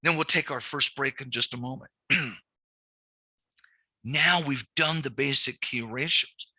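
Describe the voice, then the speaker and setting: A man's voice: mid-range voice, a little slow, pushed and bright, husky, no echo. A middle-aged man teaching commercial lending, lecturing in a conversational way with frequent restarts. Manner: conversational, repeats words and restarts. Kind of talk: classroom lecture with anecdotes.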